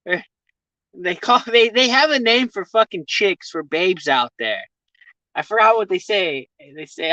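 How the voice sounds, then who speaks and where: A man's voice: sits high, big pitch swings, normal speed, fairly bright tone, no echo. A man chatting with viewers on a casual live stream, rambling, swearing freely and laughing often, talking from his vehicle. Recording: dull lo-fi stream audio.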